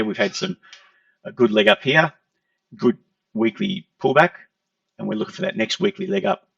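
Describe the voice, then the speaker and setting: Here a man teaches trading, talking through charts in a relaxed, explanatory style and saying "okay" often. His high-pitched voice is creaky with a fairly bright tone. It's a dry, dull, lo-fi recording made far from the mic.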